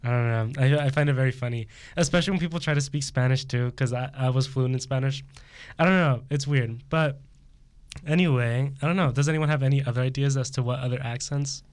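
A man in a casual group chat, hesitant and quick to laugh. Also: medium pitch. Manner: hesitant, giggly.

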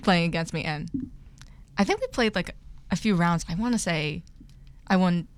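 A woman's voice: on the low side, expressive, normal speed. A woman in a casual group chat, telling a story hesitantly with many fillers.

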